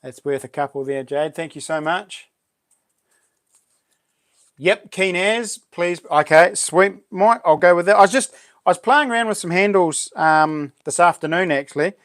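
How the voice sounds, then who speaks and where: A man's voice: high-pitched, normal speed. Laid-back New Zealand man chatting. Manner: relaxed, chatty, laid-back slang, reads out viewer comments. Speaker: livestream host. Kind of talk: casual live-stream chat.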